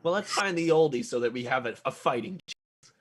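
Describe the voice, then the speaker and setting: A woman's voice: a bass voice, lively intonation, brisk, slight background noise. A woman playing a brash, jokey character in a comedic tabletop game. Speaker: player. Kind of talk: comedic tabletop role-play.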